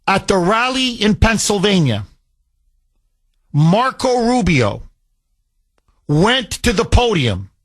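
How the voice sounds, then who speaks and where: A male talk radio host in full indignant monologue, his voice pitched high and swinging widely as he hammers home each rhetorical question. He takes his time, leaning hard on every word. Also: big pitch swings, takes it slowly, long pauses, a bit bright.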